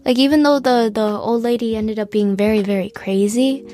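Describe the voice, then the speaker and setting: A nineteen-year-old woman giving casual, earnest self-help advice, often saying "like" and sometimes dropping to a soft whisper. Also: fairly high pitch, fairly even intonation, moderate pace, faint music behind. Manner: earnest, heavy use of "like", drops into soft whispers.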